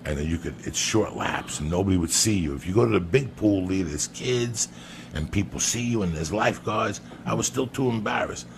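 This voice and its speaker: Gravelly low-voiced man telling a profane story. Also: fairly quick, slight background noise. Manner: profane, emphatic, keeps addressing the listener by name. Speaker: podcast storyteller. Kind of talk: casual comic storytelling.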